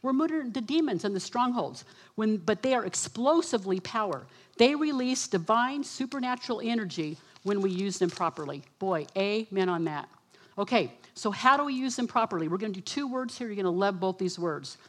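A woman's voice: mid-range voice, fairly quick. A woman preacher giving a sermon, telling a vivid story and acting out the voices of the people in it. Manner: animated storytelling, quotes herself and others.

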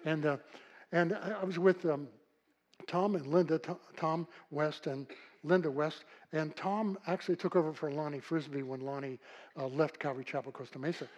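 Older man, pastor, husky voice, fairly high, folksy sermon, loud then hushed. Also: fairly even intonation, moderate pace, dull audio.

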